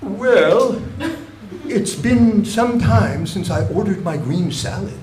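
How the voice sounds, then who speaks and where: An older man playing an elegant, gracious older woman dining alone, speaking in a gentle, refined way in a live stand-up set. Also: sits high, lively intonation, slow pace, reverberant, far from the mic, background noise, pitched above the performer's own voice.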